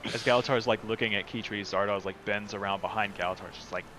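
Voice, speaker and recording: A man's voice: lowish voice, steady tone, quick pace, fairly bright tone, poor audio. A man running a tabletop game as game master, describing scenes in a loose, rambling way with frequent fillers. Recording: noticeable background noise.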